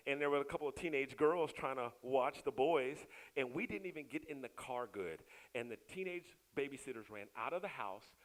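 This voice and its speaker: A middle-aged man doing a stand-up comedy set, who bursts into loud shouts when he acts out scenes. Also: a little high, low-quality recording.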